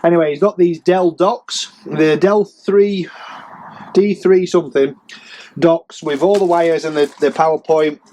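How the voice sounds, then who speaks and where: A man's voice: a little high, fairly even intonation, measured pace, warm tone, slight background noise. A man giving a casual, rambling sales update as a reseller vlogger, chatty and self-mocking. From England.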